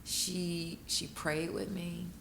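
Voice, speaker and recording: A woman, a guest telling her story in an interview, emotional and quick to break into laughing retellings. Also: level tone, creaky. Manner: emotional, bursts into laughing high-pitched retellings. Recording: echoey room with noticeable noise.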